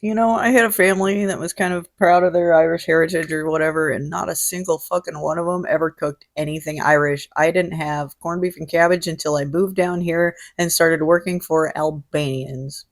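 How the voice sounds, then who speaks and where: A woman's voice: sits low, steady tone, a little fast, hardly any pauses. A woman hosting a casual vlog, talking in a jokey, salty way and swearing freely. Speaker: host. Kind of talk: casual chat.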